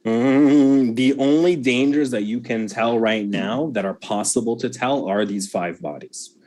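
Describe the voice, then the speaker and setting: A man who is the game master of a tabletop game, describing scenes in a slow, measured way. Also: on the low side, darkish tone.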